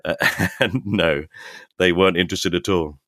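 An older man, a podcast guest, telling animated anecdotes and acting out the voices of people in them. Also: deep voice, moderate pace, no room sound, clean studio sound. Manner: animated storyteller, acts out quoted voices. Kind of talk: casual anecdotes.

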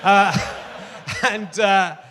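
On a large theatre stage before a live audience, a man hosts a comedy talk show with a high, pushed, bright voice and drawn-out words. His stand-up style chat rambles and mocks himself, packed with fillers and restarts, under long theatre reverb.

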